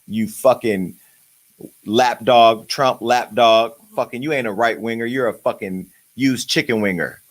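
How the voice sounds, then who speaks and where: A man hosts a profane, comedic celebrity gossip show, ranting crudely and brashly in a stream of insults. His voice is medium-pitched and a little slow.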